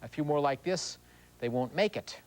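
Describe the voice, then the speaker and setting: A man's voice: on the high side, moderate pace, rough recording. A man giving a sarcastic, joke-filled movie review as a television film critic. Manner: sarcastic, wisecracking.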